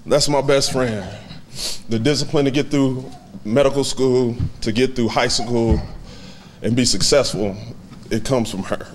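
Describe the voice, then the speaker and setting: A man in his thirties giving a heartfelt, halting acceptance speech at a hall of fame banquet, fighting back tears and laughing softly. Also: medium pitch, steady tone, slight background noise.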